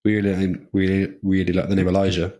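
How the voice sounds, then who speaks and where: A man's voice: sits low, monotone, fast talker, mellow. A man co-hosting a podcast, talking casually in a loose, meandering way full of fillers. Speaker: podcast co-host. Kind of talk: casual chat.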